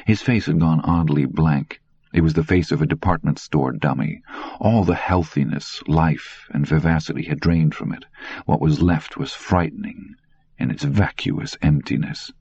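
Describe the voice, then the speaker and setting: A man's voice: a bass voice, moderate pace, a little mellow, slightly rough, dull audio. A man narrating an audiobook with intense, dramatic storytelling.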